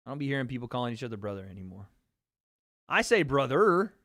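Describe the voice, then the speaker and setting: A man's voice: mid-range voice, very animated, fairly bright tone, dry recording, studio quality. A man hosting a casual livestream, joking and swearing while chatting with his viewers. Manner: joking, profane, quick asides to chat. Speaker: livestream host. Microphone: streaming microphone.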